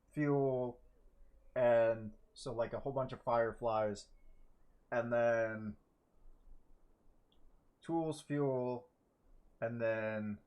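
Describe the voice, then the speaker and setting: A man's voice: medium pitch, a little mellow. A man giving casual commentary while he plays a game, thinking aloud, swearing now and then and laughing at his own jokes. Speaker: gamer streaming to viewers.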